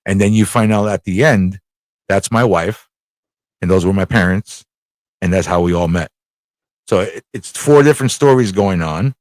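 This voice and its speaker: A man's voice: low voice, normal speed, pauses often, darkish tone, no room sound. A man hosting a casual live talk show, rambling, swearing freely and repeating himself as he tells a story. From United States. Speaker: show host.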